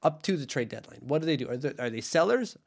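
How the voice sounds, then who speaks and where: A man's voice: a little high, expressive, fast talker, creaky. Chatty man co-hosting hockey talk. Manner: chatty, jokey, slips into goofy put-on voices. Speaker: podcast co-host. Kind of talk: casual hockey chat.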